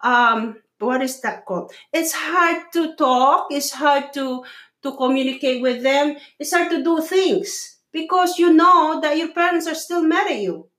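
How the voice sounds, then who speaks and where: Earnest mother, halting and echoey. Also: sits high. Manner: earnest, halting, restarts, soft tender asides. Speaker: mother sharing parenting views. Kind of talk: casual conversation.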